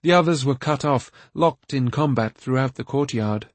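A man narrating a fantasy novel aloud in a steady, even storytelling manner. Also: mid-range voice, normal speed, no echo. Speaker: audiobook narrator. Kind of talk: scripted narration.

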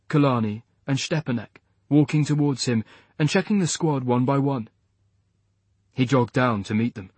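Man narrating in a husky voice. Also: medium pitch, no echo. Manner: measured, even storytelling. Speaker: audiobook narrator. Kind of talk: scripted narration.

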